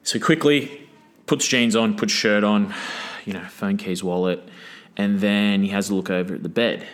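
A man with a fairly low voice tells a rambling, crude story in casual conversation. He swears freely, laughs at his own punchlines and keeps checking in with asides. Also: steady tone, normal speed. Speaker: podcast guest.

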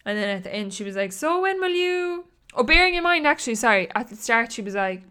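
A young Irish woman hosts her own podcast, chatting and rambling with plenty of laughter. Her mid-range voice is animated, quick, pushed and bright, and the tone is clean.

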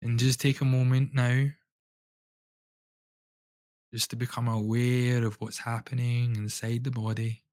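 A man, a breathwork coach, guiding listeners through a breathing exercise with calm, slow, soothing instructions. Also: mid-range voice, dry recording.

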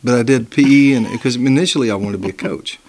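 A man's voice: mid-range voice, fast talker, a little mellow, slight background noise. A middle-aged man chatting as a guest on a podcast, easygoing and joking as he tells stories. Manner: easygoing, joking, loose storytelling. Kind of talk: casual chat.

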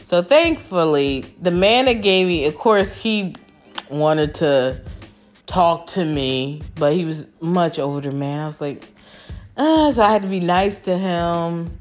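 Woman, lowish voice, very expressive pitch, casual storyteller, faint music bed. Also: takes it slowly. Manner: animated, chatty, swears casually, quotes others in raised voices.

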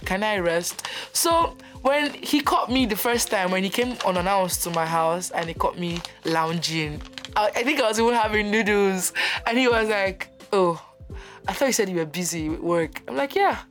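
A young woman hosting her own podcast, talking candidly and animatedly about her personal life, often laughing. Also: mid-range voice. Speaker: podcast host. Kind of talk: personal reflective monologue.

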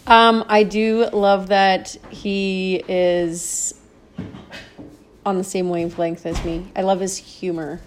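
A woman's voice: medium pitch, flat delivery, takes it slowly, slight background noise. A woman co-hosting a podcast, chatting casually in giggly banter. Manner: giggly, warm-hearted banter. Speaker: podcast co-host. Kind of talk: casual chat.

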